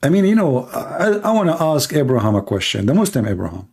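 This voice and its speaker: A man hosting a live-streamed call-in debate, talking in a mocking, sarcastic way and laughing at his callers, with halting restarts. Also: a little high, big pitch swings, gravelly, a little mellow, breathy edge.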